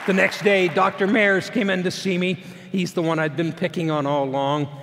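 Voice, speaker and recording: A middle-aged man speaking as a motivational speaker, telling a personal story to a live audience in a plainspoken, folksy way that swings between hushed and loud. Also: high voice, level tone, normal speed, crowd noise, noisy background. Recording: long hall reverb.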